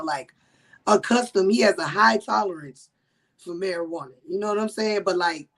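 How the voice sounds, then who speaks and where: A woman with a deep, gravelly, husky voice co-hosting a comedy talk show. She explains things in a laid-back, rambling way and keeps things casual.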